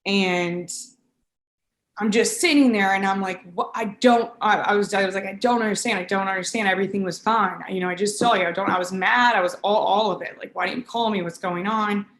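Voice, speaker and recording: A woman around thirty recounting a painful family memory, halting with many pauses and fillers. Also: mid-range voice, a bit bright, echoey room. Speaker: interviewee. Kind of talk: emotional personal recollection.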